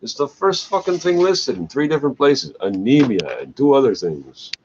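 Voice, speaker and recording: A man's voice: medium pitch, lively intonation, moderate pace, darkish tone. A man, going on an agitated, profane, rambling rant. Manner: agitated, swearing, trailing "eh?". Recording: dull lo-fi recording, faint noise.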